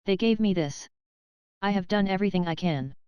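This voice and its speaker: A woman's voice: medium pitch, a little fast, a little mellow, clean tone, no room sound, muffled recording, natural voice. Woman voicing a desperate young husband, stammering, pleading, dry close sound.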